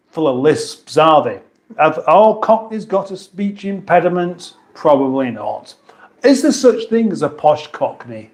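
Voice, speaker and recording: A man's voice: medium pitch, a little mellow. A man with an English accent hosting a casual live stream from his kitchen, reading viewer comments aloud with dry, playful banter. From England. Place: home kitchen.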